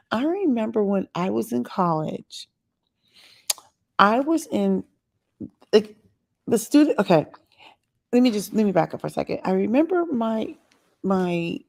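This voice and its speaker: Chatty woman with a low, gravelly voice. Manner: chatty, animated retelling with quoted asides. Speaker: vlogger. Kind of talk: casual storytelling monologue.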